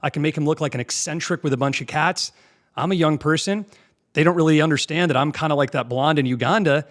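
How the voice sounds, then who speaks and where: A young man hosting a political commentary show, combative and mocking, pausing to mimic clips he plays. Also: a little high.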